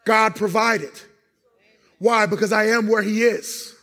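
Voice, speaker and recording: A man's voice: sits high, fairly even intonation, slow, creaky, fairly bright tone. A middle-aged male pastor preaching in church, telling personal stories with emotion and voicing God's replies. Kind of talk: sermon. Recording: long church hall reverb.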